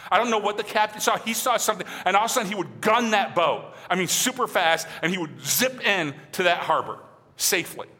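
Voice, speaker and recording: Preaching as a pastor, this man sounds high-pitched, animated, and husky. He's emphatic and conversational, frequently asking "right?", and turns soft and slow when he reaches key phrases. The recording carries a long hall reverb.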